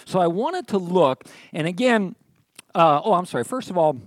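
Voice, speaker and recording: A man's voice: high-pitched, expressive, normal speed, no echo, clean studio sound. A middle-aged man preaching a sermon, telling stories in a folksy, conversational way and often checking in with his listeners. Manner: conversational, folksy storytelling with frequent "okay?". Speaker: pastor.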